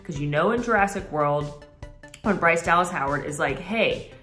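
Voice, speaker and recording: Brief: excitable woman vlogger, low-ish pitch, casual chat. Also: faint music behind. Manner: excited, quick to laugh. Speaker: theme park vlogger.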